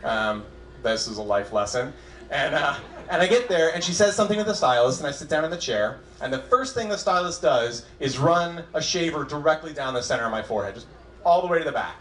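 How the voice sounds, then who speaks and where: A man's voice: fairly high pitch, animated, a bit bright, slight background noise. Self-deprecating young male stand-up comic. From Southern California. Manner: self-deprecating, halting with restarts. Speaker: stand-up comedian. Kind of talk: stand-up comedy set. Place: comedy club stage with a live audience. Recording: echoey club room, faint crowd ambience.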